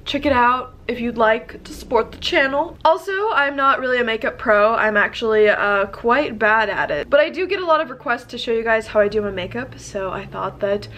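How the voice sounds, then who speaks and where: A young beauty vlogger with a nasal, stuffy voice from a cold chats through a casual get-ready-with-me session, rambling about her makeup routine in a self-deprecating way. Her voice is a little high and a bit bright, with lively intonation, a moderate pace and hardly any pauses.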